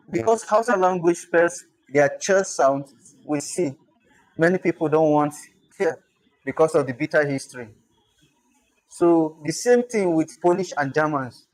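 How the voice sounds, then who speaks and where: A man's voice: a little high, a little slow, a little mellow, rough recording. A man giving an online lesson on spelling, thinking aloud, sounding out words and chuckling as he goes. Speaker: instructor.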